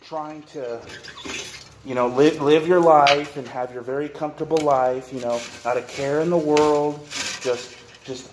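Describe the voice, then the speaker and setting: A man's voice: mid-range voice, fairly even intonation, slow, pauses often, reverberant, noisy background. A man ranting to camera in a workshop, rambling, repeating himself and cursing as he goes. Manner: rambling, profane, repeats and restarts. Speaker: vlogger. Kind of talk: rant to camera.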